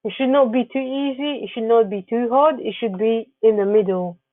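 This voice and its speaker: A woman's voice: a little high, moderate pace, no room sound. A woman presenting a narrated slideshow, giving earnest wellness advice with frequent restarts. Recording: tinny phone-like, dry sound.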